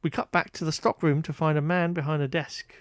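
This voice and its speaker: A podcast co-host with a fairly high, fairly even male voice talks at a fairly quick clip. He recaps a film in a casual chat, wry and exasperated, leaning on frequent fillers. The sound is dry with no echo.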